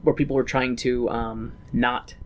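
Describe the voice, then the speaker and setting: A man's voice: mid-range voice, little pitch movement, unhurried. A man co-hosting a podcast, recapping a musical in casual, joking, profane chat and slipping into mocking put-on voices. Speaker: podcast co-host.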